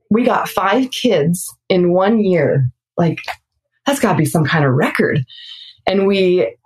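A woman with a slightly low voice, recounting a family story as an interview guest. She tells it in a lively way and laughs often as she goes. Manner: lively retelling with frequent laughter. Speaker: interview guest, mother of six.

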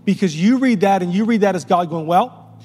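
A man's voice: high voice, fast talker, mellow. A man preaching a sermon as pastor, passionate and repetitive, building to rising crescendos. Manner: impassioned preaching, repeats words, builds to crescendos. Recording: long reverb in a large hall, faint music.

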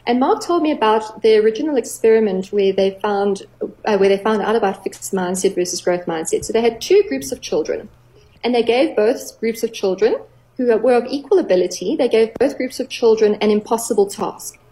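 A middle-aged woman, a clinical psychologist, explaining earnestly on a radio talk show, with gentle playful examples. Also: a little high, a little fast, rough recording.

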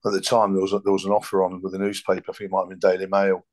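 Middle-aged man, very deep monotone, unpolished guest. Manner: halting, plain-spoken. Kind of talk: casual chat.

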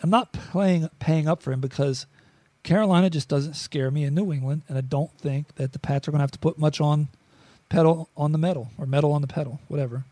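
A man's voice: a little high, a little fast, warm tone, no echo. A man co-hosting a casual sports podcast, chatty and joking, often restarting his sentences. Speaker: podcast co-host.

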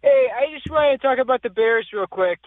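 A man putting on a very high, exaggerated fake Chicago sports-fan voice, an eager caller gushing about his team. It comes through a thin, tinny phone line with no room sound at all. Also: expressive, fairly quick, no room sound. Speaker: prank caller.

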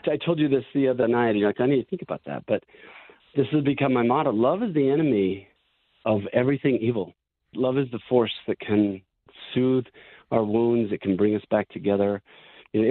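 A man's voice: fairly low pitch, no room sound. A man in his fifties, a podcast guest, talking earnestly and thoughtfully in musing phrases. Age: 50s. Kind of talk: reflective conversation. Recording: tinny phone-line audio.

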